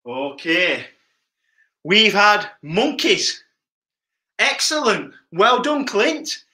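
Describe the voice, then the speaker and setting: Guy coaching kids pe online, bouncy lively voice, bright, echoey room. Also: sits high, slow, long pauses. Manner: energetic, playful, shouting instructions. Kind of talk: live online kids' PE lesson. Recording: roomy echo.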